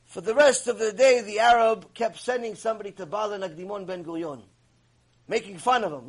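A man teaching a religious lecture, telling a story in an animated way and acting out its characters. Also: high-pitched, a little fast, low-quality recording.

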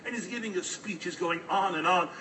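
A man telling a story in an animated, dramatic storytelling manner. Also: high-pitched, fairly quick, far from the mic, slight background noise, rough recording. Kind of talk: oral storytelling.

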